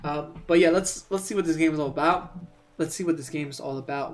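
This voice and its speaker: A man streaming a video game, talking casually and rambling, repeating words and breaking into excitable outbursts. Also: a little high, a little fast. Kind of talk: casual let's-play commentary.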